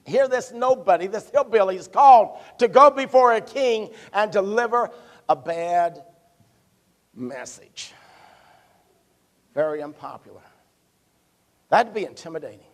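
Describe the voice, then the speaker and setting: A man with a Midwestern American accent, a pastor preaching a sermon and telling a personal story in a folksy, self-deprecating way. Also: sits high. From United States. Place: church service.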